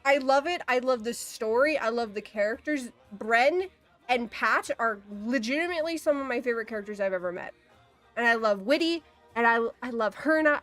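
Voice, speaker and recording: Chatty, higher-pitched young-sounding woman streaming. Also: brisk, fairly bright tone, soft background music. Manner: chatty, rambling, swears casually, lots of "like". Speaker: livestreamer. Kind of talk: casual livestream chat.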